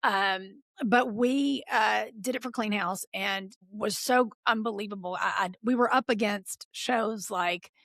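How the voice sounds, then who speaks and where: A middle-aged woman chatting as a guest in a home art studio, an animated storyteller who acts out remembered dialogue. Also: mid-range voice, unhurried, few pauses, no room sound. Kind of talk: casual chat.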